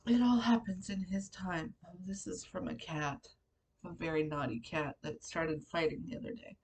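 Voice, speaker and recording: A woman's voice: on the low side, fairly even intonation, moderate pace, breathy edge, far from the mic. A woman crying as she hosts her personal faith vlog, emotional and at times dropping to a whisper. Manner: tearful, emotional, with soft whispered moments. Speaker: vlogger. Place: bedroom at home.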